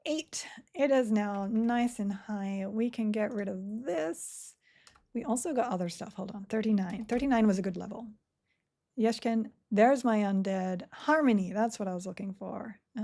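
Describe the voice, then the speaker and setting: In an unhurried, medium-pitched voice with a dark tone, a woman streams a game live. She keeps up cheerful, casual chatter and answers questions from chat while she plays.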